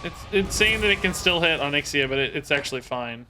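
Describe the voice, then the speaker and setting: Brisk and animated, the game streamer thinks out loud and picks at his own plays, saying things more than once. His voice is on the high side, pushed and bright, he's sore and tired from sport, and there's a little hiss or hum.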